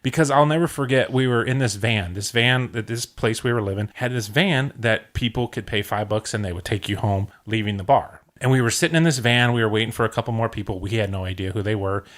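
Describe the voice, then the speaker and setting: A man co-hosting a podcast, telling animated stories in a casual chat and acting out the people in them. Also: lowish voice, fast talker, few pauses. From a sunny US state. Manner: lively storyteller who acts out the people in his stories. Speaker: podcast co-host.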